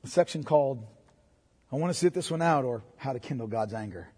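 A male pastor preaching a sermon, swinging from hushed, low passages to loud, emphatic ones. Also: lively intonation, fairly quick, husky, big-room sound.

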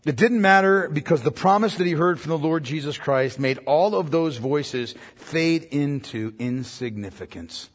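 A man preaches a sermon in a somewhat high, husky voice. He swings from ringing, emphatic proclamation to hushed, quiet passages. A long hall reverb trails behind every phrase. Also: moderate pace, hardly any pauses.

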